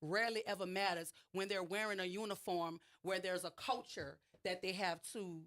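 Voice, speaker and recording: As a guest on a radio show, a woman with a New Orleans accent recounts a personal story with emphasis and frequent restarts. Her voice is fairly low and a bit bright, with fairly even intonation and a moderate pace.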